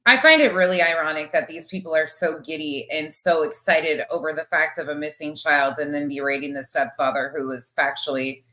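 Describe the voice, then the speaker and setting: Low-voiced woman streamer arguing hard, keeps interrupting, swears a lot, sharp tone. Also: fairly even intonation, a little fast, hardly any pauses, low-quality recording. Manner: combative, interrupting, swears freely. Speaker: livestreamer. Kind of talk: heated livestream argument.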